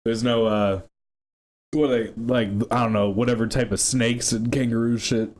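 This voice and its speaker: A man's voice: mid-range voice, fairly even intonation, moderate pace, a little mellow. A young man co-hosting a casual podcast chat, making wry quips. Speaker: podcast co-host.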